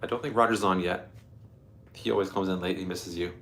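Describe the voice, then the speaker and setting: A man's voice: low-pitched, fairly even intonation, fairly quick, fairly bright tone, a little hiss or hum. Chatty Canadian man hosting a livestream. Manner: chatty, rambling, talks to his dog and chat. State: a little stuffy. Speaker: livestream host. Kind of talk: casual live-stream chat.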